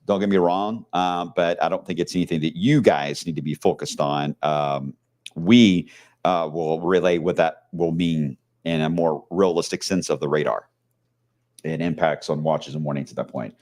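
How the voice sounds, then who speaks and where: A middle-aged man, a TV meteorologist talking through forecast maps in a casual, rambling way full of fillers, his voice hoarse and fading. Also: sits low, steady tone, normal speed, darkish tone. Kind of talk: live weather blog talk.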